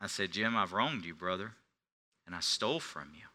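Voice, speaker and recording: Man, middle-aged pastor, sermon, very bright tone, hushed to booming delivery. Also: animated, moderate pace. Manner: swings from hushed confession to loud preaching.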